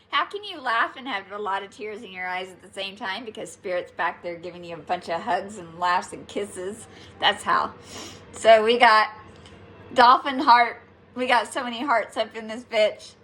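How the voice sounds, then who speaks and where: A woman's voice: medium pitch, bright, forceful tone. A woman giving a casual, playful spiritual reading to her viewers, chatting, laughing often and swearing lightly. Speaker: tarot reader.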